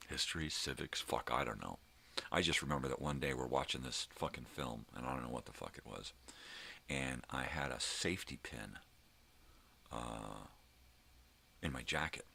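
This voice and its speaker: Very deep gravelly profane ranting man. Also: normal speed, long pauses, bright, forceful tone, slight background noise. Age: middle-aged. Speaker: vlogger host. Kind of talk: casual morning rant.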